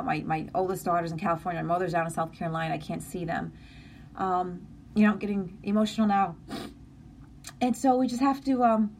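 Hosting a live stream, this middle-aged woman has a fairly low-pitched voice over slight background noise. Her talk is heartfelt and encouraging, full of restarts, and she reads out comments from viewers.

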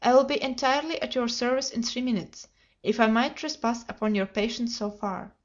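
A woman's voice: on the high side, a little fast, natural voice. A woman reading the part of a nervous, overwrought male company manager who pleads under strained politeness, in a dull lo-fi recording.

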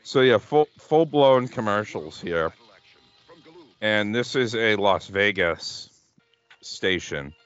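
A man's voice: lowish voice, animated, takes it slowly, long pauses, fairly bright tone, clear, resonant tone, lo-fi sound, soft background music. A man co-hosting a podcast in casual chat, joking, laughing often and swearing freely. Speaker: podcast co-host. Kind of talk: casual chat watching old wrestling.

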